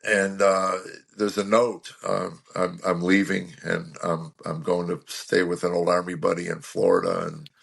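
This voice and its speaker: A man in his sixties spins wry, self-deprecating stories as a guest comedian, slipping into other voices for quoted lines. His voice sits a bit low, with a rough, gravelly edge. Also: flat delivery, a little slow, hardly any pauses, a bit bright. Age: 60s. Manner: acts out quoted lines and car-engine noises. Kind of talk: storytelling interview chat.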